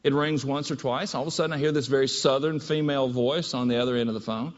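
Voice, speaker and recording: A man giving a keynote talk, telling a story in an animated, conversational way. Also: medium pitch, fast talker, few pauses. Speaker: keynote speaker. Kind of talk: storytelling presentation. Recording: dull audio in a reverberant hall.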